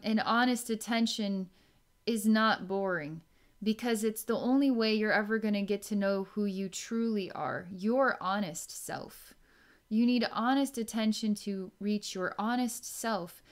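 A woman giving a psychic healing session, musing slowly and trailing off with fillers. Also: mid-range voice. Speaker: psychic energy healer.

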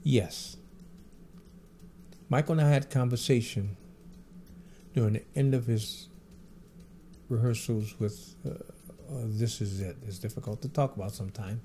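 A man's voice: medium pitch, mellow, slight background noise. A man, a professional drummer, answering fan questions and telling personal stories in an earnest, repetitive way that piles phrase on phrase.

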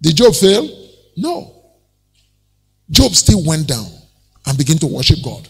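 A man's voice: on the high side, big pitch swings, unhurried, gravelly, breathy edge, long reverb tail. A Nigerian man preaching a sermon as pastor, retelling a story animatedly with laughter.

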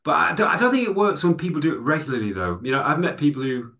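A fairly high-pitched male voice with big pitch swings, fast and a bit bright, belongs to an interview guest from England who lectures in psychology and writes books. He lays out his ideas in a thoughtful, conversational manner, peppered with "you know."

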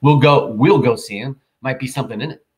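A man's voice: mid-range voice, fairly quick, close to an everyday voice. A man voicing a crude, drunken middle-aged dump hauler with a coarse rural drawl in an audiobook. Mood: gruff grumbling. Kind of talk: audiobook character voice.

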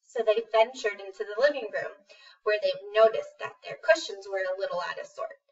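A woman telling a children's story in a relaxed, unhurried way. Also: medium pitch, distant mic, dull audio. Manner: relaxed, unhurried with some ums. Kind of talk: casual storybook narration.

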